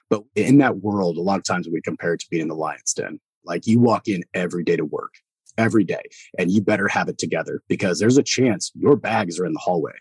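Husky-voiced former soldier telling stories. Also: male voice, deep voice, normal speed, no echo. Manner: animated storyteller who acts out quoted voices and laughs often. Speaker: podcast guest, former Army Green Beret. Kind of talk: casual storytelling conversation.

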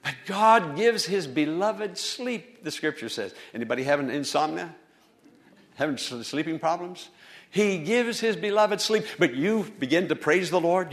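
A male pastor preaching a sermon to a congregation, swinging from soft, low lines to loud, high appeals. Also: expressive, normal speed. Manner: preaching with dramatic swings in loudness and pitch. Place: church.

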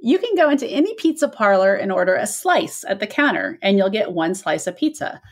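A woman's voice: mid-range voice, very animated, fairly quick. A woman co-hosting a podcast who lives in the American South, reading listener letters aloud and laughing along in casual chat. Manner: reads letters aloud, warm banter, laughs often. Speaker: podcast co-host.

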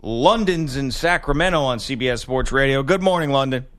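A man hosting a sports radio show, telling news stories in a relaxed, conversational way. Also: mid-range voice, fairly quick, dry recording. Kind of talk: casual sports radio chat.

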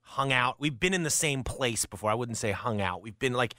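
Bright-voiced columnist chatting on air. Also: male voice, medium pitch, lively intonation, a little fast, no room sound, studio quality. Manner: rambling, self-correcting storyteller. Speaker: newspaper columnist, radio guest. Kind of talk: casual chat.

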